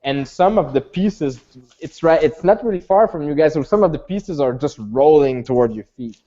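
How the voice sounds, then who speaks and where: Lively rambling tabletop game master. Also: medium pitch, moderate pace. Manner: rambling with many restarts. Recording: dull lo-fi recording.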